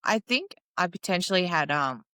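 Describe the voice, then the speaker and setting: A woman's voice: lowish voice, animated, normal speed, bright, forceful tone, dry recording. A young woman, a guest in an interview, talking plainly and casually about her life. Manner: plain-spoken, casual, lots of fillers.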